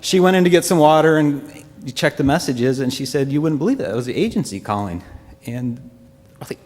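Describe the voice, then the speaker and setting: A man giving an earnest, heartfelt personal testimony to a congregation, speaking in a halting way. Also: mid-range voice, animated, a little mellow, slight background noise. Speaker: church member giving a testimony. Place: church hall. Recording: long church-hall reverb.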